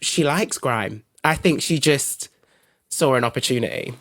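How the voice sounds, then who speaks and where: A man's voice: mid-range voice, a little slow, a bit bright, no room sound. Dry, gossipy man on a podcast. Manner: gossipy, enthusiastic, joking. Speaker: podcast guest, comedian. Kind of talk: casual podcast chat.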